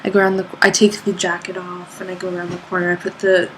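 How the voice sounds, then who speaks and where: A young woman, an art student, recounting her day in a loose, rambling way, full of "like" fillers, jumping up high in pitch whenever she quotes someone. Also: completely flat delivery, quick pace, slight background noise, low-quality recording. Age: young adult. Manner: rambling, lots of "like" fillers, acts out quoted people with sudden high pitch jumps. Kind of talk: casual spoken recollection.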